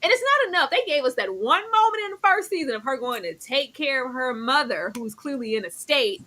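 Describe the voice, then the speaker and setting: A woman co-hosting a TV review show in casual chat, animated and exclamatory. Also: sits high, brisk. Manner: animated, exclamatory, talks to the characters as 'girl'.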